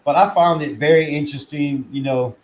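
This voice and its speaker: A man runs his own fan channel and talks football in a rambling, excitable way, swearing freely and now and then chewing as he talks. His voice sits a little high for a man. A faint hiss runs under the home recording. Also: brisk, low-quality recording. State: chewing food. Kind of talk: casual sports commentary.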